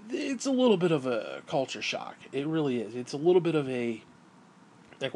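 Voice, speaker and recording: A man's voice: fairly high pitch, big pitch swings, moderate pace, a little mellow, slight background noise. Exasperated man ranting, profane and rambling. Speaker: gaming and wrestling commentator. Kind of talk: angry rant.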